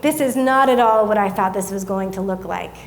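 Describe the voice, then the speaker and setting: A woman, giving a sermon as a guest speaker, telling a family story in a chatty, self-deprecating way and softening when she reflects. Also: medium pitch, fairly quick, slight background noise. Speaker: guest speaker at a young adult service.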